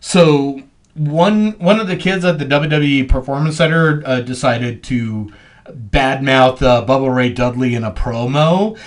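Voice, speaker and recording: A man co-hosting a podcast in casual chat, telling stories in a rambling, animated way with lots of fillers. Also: mid-range voice, a little slow. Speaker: podcast co-host.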